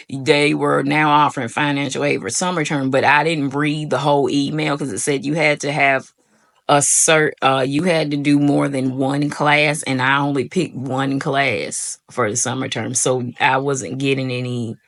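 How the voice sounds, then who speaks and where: A woman's voice: very deep voice, vocal fry. A young woman, telling her own story to viewers in a casual vlog and acting out what she said back then. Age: young adult. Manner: animated retelling, acts out her own quoted voice; addresses viewers as y'all. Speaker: vlogger.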